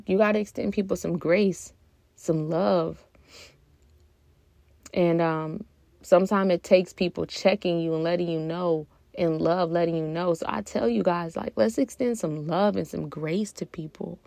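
A young woman talks through a reflective podcast episode with a low, gravelly voice. She speaks earnestly and from the heart, pausing on hesitant fillers. The sound is close and dry. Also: warm tone, no room sound. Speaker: podcast host. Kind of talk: reflective personal podcast talk.

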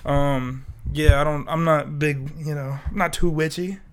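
A man's voice: a little high, steady tone, unhurried. A sick young man co-hosting a podcast, rambling in casual, profane chat and laughing often. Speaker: podcast co-host.

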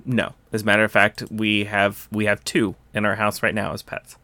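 Young man, casual chat, rambling, bright voice, dry recording. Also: on the low side, monotone, normal speed, no room sound. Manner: rambling, many fillers and restarts.

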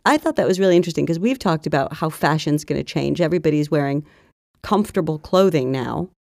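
Mellow, low-voiced woman podcast host. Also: fast talker, creaky, no echo, clean studio sound. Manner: chatty, reads quotes aloud in an even tone. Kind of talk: casual chat and reading a historical diary aloud.

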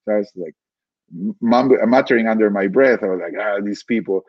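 A man's voice: fairly low pitch, fairly quick, husky, no echo, muffled recording. A man talking through ideas as a podcast guest, thoughtful, often repeating words while he searches for them. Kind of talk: reflective conversational explaining.

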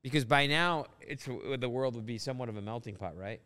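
A man's voice: mid-range voice, fairly quick, bright, forceful tone, smooth. A man hosting a comedy podcast, riffing and joking provocatively in casual banter. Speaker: podcast host.

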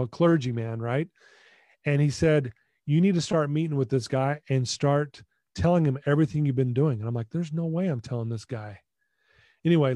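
With a medium pitch and a dry recording, a middle-aged man guests on a podcast to tell a personal tale. He brings it to life by acting out dialogue, though he often restarts and repeats words.

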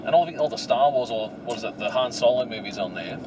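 A man's voice: mid-range voice, expressive, quick pace. An Australian man in his thirties, a podcast co-host, joking and teasing his friend while driving. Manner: jokey, teasing, laughs often. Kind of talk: casual chat while driving. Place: inside a moving car. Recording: car with faint road noise.

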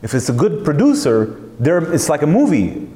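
A man's voice: fairly high pitch, very animated, normal speed, mellow, echoey room. A man hosting a talk, speaking in an emphatic, searching way, full of rhetorical questions and restarts. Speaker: host. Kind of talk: reflective monologue.

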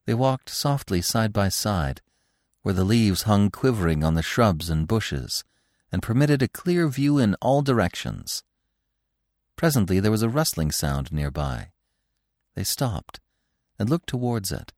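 Male narrator reading a storybook, low voice, really lively delivery, dry close sound. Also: a little slow, no room sound. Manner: expressive storytelling. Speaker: podcast host and reader. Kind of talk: audiobook narration.

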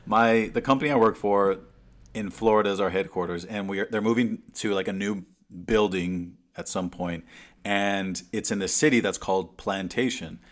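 Rambling low-voiced man on a podcast. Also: moderate pace. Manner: rambling, animated storyteller with frequent restarts and fillers. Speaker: podcast co-host. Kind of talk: casual chat. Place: remote call. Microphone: remote call mic.

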